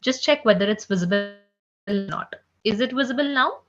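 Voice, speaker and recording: A woman's voice: on the high side, moderate pace, a bit bright, faint music behind. A woman teaching French in an online class, saying each sound several times and checking with "okay?" after nearly every line. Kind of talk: slow spelled-out pronunciation lesson. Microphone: computer mic on a video call. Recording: slightly dull, muffled online class audio.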